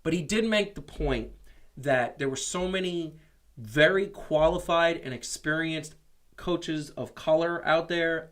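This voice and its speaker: A man co-hosting a casual sports talk show, animated and opinionated, often restarting his sentences. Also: on the high side. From New York. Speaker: podcast co-host. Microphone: streamed show mic.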